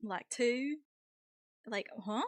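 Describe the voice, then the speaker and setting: A woman's voice: on the high side, very slow, no echo. A young woman streamer chatting casually with her viewers, rambling with lots of fillers and frequent laughs.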